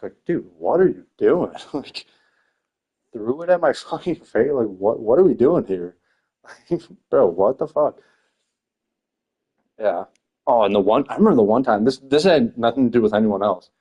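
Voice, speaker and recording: A man's voice: mid-range voice, darkish tone. A young man telling rambling stories in casual chat, laughing often, swearing and filling his talk with slang.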